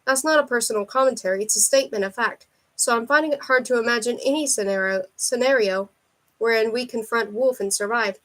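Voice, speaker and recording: A woman reading the lines of a calm, precise man in an audiobook, in a flat, matter-of-fact delivery. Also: on the high side, fairly quick, natural voice. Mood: cool.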